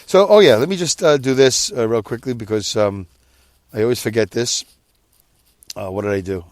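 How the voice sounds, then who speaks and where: A man's voice: mid-range voice, normal speed, no echo. A middle-aged man, hosting a casual podcast monologue, exhausted and rambling while driving his truck. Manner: rambling, tired, self-deprecating. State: exhausted, sleepy. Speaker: podcast host.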